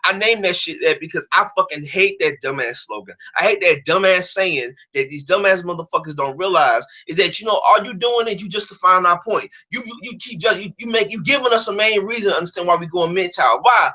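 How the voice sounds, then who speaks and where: A young American man ranting on a stream, his voice pitched high and pushed hard, with a tense, sharp edge. He is heated and profane, and stumbles back over his own words as he keeps going. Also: a little fast, few pauses. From United States. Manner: heated, profane, repeats and restarts phrases. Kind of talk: angry ranting monologue.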